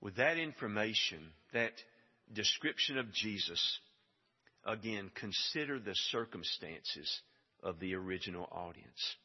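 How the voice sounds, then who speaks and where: A man's voice: fairly low pitch, expressive, unhurried. A man preaching a sermon, emphatic and building to stressed repeated phrases. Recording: dull sound with long hall reverb.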